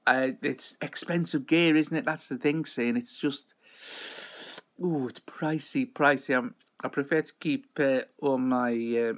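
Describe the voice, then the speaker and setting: A man hosting a casual live stream from home, rambling and chatty as he greets viewers by name. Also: mid-range voice.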